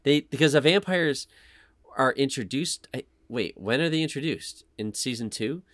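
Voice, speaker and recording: Bright-voiced man in casual podcast chat. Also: medium pitch, expressive, normal speed, no echo. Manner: loose, rambling, lots of fillers and restarts. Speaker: podcast co-host.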